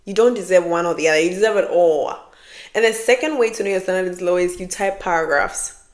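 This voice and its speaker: A woman's voice: on the low side, fast talker. A woman vlogger giving frank relationship advice to her viewers in a casual, emphatic way, often repeating herself for emphasis and laughing. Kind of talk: casual advice talk to camera.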